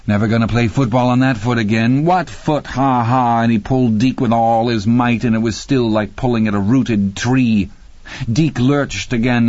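A man narrating a horror audiobook in a measured, grim, deliberate way. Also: medium pitch, darkish tone, no echo. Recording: dry, slightly muffled studio read.

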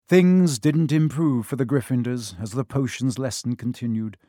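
A man's voice: medium pitch, moderate pace, warm tone, no echo. Man narrating a storybook, dry sound. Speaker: audiobook narrator. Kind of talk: scripted narration.

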